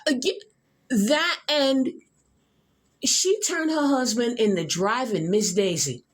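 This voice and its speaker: A woman's voice: fairly high pitch, expressive, slow pace. Profane, exclamatory woman podcast host. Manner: profane, exclamatory, repeats herself. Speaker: podcast host reacting to a video. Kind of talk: rambling reaction commentary.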